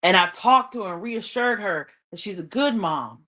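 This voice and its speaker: A woman's voice: mid-range voice, animated, normal speed, sharp tone. A woman venting on a livestream, talking emphatically and swearing freely about a falling-out. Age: adult mother. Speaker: livestream host. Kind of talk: unscripted livestream monologue.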